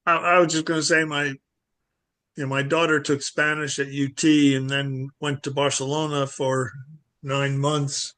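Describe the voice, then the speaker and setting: Slow-talking man telling a story. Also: fairly high pitch, level tone, pushed and bright. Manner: unhurried, with small stumbles and restarts. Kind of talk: casual storytelling. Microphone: video call.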